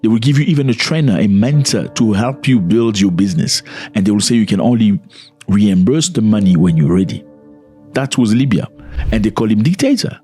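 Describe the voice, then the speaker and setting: A man's voice: on the low side, animated, a little fast, mellow, faint music behind. A man giving casual video commentary, speaking conversationally and often putting questions to the viewer.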